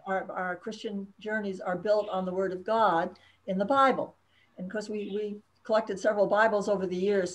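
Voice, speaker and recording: A woman speaking hesitantly and correcting herself as she presents to her church over a video call. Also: medium pitch. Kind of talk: casual talk. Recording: muffled video call audio.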